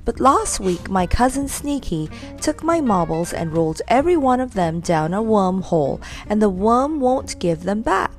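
A woman's voice: medium pitch, sing-song, moderate pace, hardly any pauses, soft background music. A woman voicing a mischievous male goblin who bargains with a grin. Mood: sly. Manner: cheeky, grinning.

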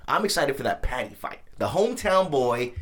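A man hosting a podcast in casual chat, animated and profane as he talks over a fight on screen. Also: medium pitch, fairly quick. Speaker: podcast host.

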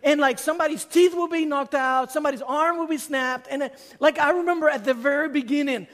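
A man in his forties, a pastor giving a sermon, who tells stories in a lively way and acts out his own reactions. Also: very high voice, quick pace.

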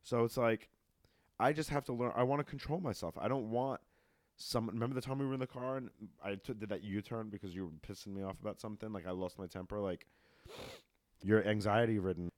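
A man from New York, a comedian, telling stories in casual chat, blunt and animated, laughing as he goes. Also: lowish voice, a little fast, no room sound, studio quality.

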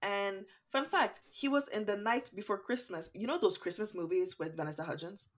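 A woman's voice: mid-range voice, moderate pace. A young woman from Canada co-hosting a casual podcast, rambling through cast fun facts. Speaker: podcast co-host. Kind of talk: casual chat.

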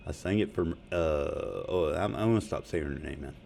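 A man's voice: a bass voice, a little slow, gravelly, a little mellow, a little hiss or hum. A man rambling profanely and jokingly in a casual monologue to his audience. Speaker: vlogger.

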